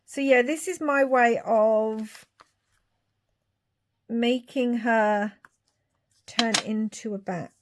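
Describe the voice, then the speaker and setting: A woman's voice: a little high, extremely slow, long pauses, slight background noise. A middle-aged woman chatting and thinking aloud as she works on a craft project. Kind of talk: crafting vlog commentary.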